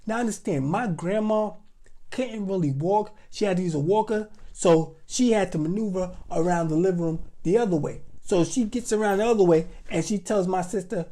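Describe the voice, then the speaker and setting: A man telling a comic childhood story as a vlogger, animated and dramatic, with slang and sudden outbursts. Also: high voice, moderate pace.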